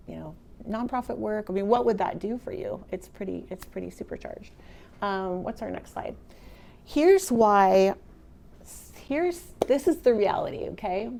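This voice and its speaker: A middle-aged woman gives a motivational talk to a roomful of listeners, chatty and lively as she speaks to them directly. Her voice sits at an ordinary mid pitch. A faint room hum runs under the recording. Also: normal speed, vocal fry. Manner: conversational, animated, addresses the audience directly. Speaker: real estate speaker. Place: meeting room with a live audience.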